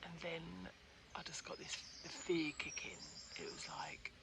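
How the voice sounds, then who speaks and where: Gravelly-voiced chatty woman vlogging outdoors. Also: low-pitched, big pitch swings, slow pace, very noisy. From Peckham, London. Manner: chatty, effusive, thinks aloud, often drops to a near-whisper. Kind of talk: casual vlog talk to camera.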